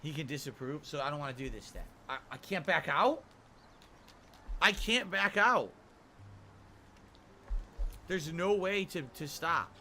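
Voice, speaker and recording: A man's voice: a little high, animated, measured pace, long pauses, sharp tone, slight background noise. A man streaming a video game, musing to himself and asking questions aloud as he plays. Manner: musing, talks to himself while playing. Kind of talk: let's-play commentary.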